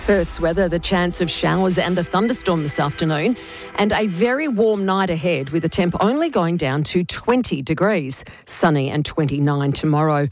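Low-voiced woman reading radio news. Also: soft background music. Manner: crisp, measured, scripted. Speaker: radio newsreader.

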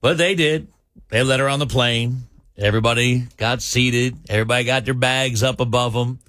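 A male radio host telling a funny news story with animated asides to his listeners. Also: medium pitch, normal speed, no room sound, studio quality. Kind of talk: comedic radio news banter.

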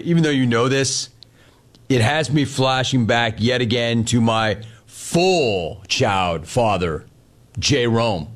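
A man hosting sports talk radio, riffing sarcastically and telling stories to his listeners. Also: mid-range voice.

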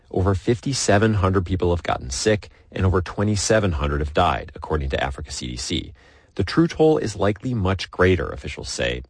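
Deep, husky male news reporter. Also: dry recording. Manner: clear, scripted reporting.

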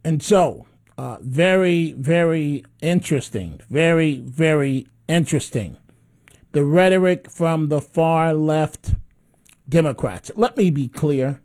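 A man's voice: fairly high pitch, very animated, a little slow, mellow. A man hosting a talk radio show, blunt and mocking, often repeating himself as he takes calls.

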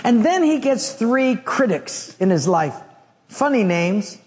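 A man preaching a sermon, telling a Bible story in an animated way with humorous asides. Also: extremely high pitch, slow, big-room sound. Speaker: pastor.

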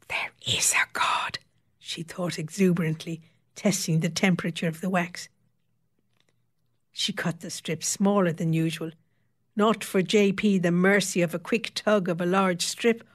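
A woman narrating a story in a steady, wry storytelling manner. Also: on the low side. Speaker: audiobook narrator. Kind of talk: scripted narration.

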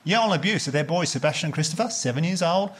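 A man doing stand-up comedy, telling sweary, animated stories and slipping into voices for the people in them. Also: a little high, quick pace, breathy edge. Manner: animated, sweary storytelling with put-on quoted voices.

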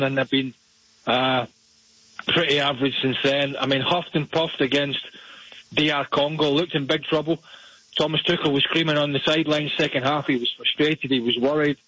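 A man breaks down soccer matches with blunt, frank opinions. His voice is fairly high for a man and bright, with a husky edge. The sound is dry and a little dull. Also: steady tone, moderate pace, dry recording. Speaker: soccer analyst. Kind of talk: radio sports analysis. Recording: dull, lo-fi remote line.

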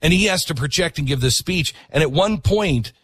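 A man hosting a talk show, telling stories in an animated way and reading an ad. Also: a little high, normal speed, breathy edge, dry recording. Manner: animated, vivid storyteller. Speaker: host. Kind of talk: casual interview and ad read.

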